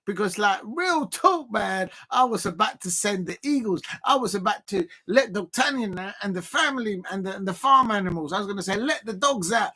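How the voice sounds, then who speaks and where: Man, livestream host, excitable, repeats himself, rambling. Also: high voice, fairly quick, hardly any pauses, breathy edge. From South London. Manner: excitable, repetitive, keeps repeating phrases; rambling with many fillers. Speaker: livestream host and football fan. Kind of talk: casual watch-along livestream rant.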